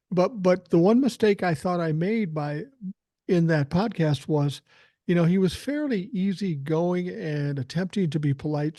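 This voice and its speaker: A man's voice: fairly high pitch, mellow, dry recording, clean studio sound. An older man hosting a podcast, telling a story in a blunt, profane, combative way. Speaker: podcast host. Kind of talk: casual storytelling chat.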